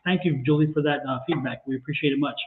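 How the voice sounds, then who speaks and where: A man co-hosting a livestream tarot reading, deliberate and emphatic with a wry edge. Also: fairly high pitch. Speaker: tarot reader and co-host. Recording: tinny phone-like sound in an echoey room.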